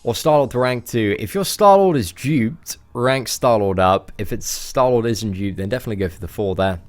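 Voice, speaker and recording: A man in his twenties from England, with a fairly posh English accent and a lowish voice, answers viewer questions on a live stream. He chats casually, sounding animated and keeping a moderate pace.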